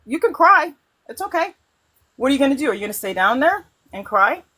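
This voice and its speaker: A man's voice: very high-pitched, big pitch swings, a little fast, bright, forceful tone, voice pushed up, full character voice. A woman voicing her father as he coaxes a child back onto a bike with firm questions. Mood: coaxing. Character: encouraging father teaching a child to ride.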